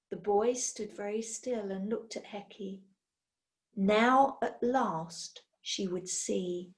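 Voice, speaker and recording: A woman reading a children's storybook aloud in an expressive way. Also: medium pitch. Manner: slow, expressive.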